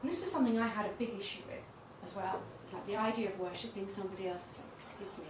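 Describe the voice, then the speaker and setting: A woman's voice: medium pitch, racing. A middle-aged woman giving a candid, self-deprecating public talk as a tantra massage teacher. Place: small event space. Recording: roomy, distant mic, noisy.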